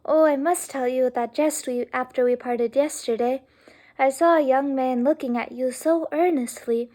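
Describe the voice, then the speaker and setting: Gushing young lady voiced by a woman, breathless exclamations, high voice, mellow tone. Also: moderate pace, natural voice.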